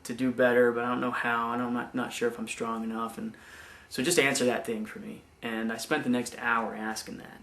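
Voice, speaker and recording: A young man giving a personal faith testimony, speaking haltingly with many restarts and repeated words. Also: mid-range voice, flat delivery, a bit bright, roomy sound. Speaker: former missionary giving testimony.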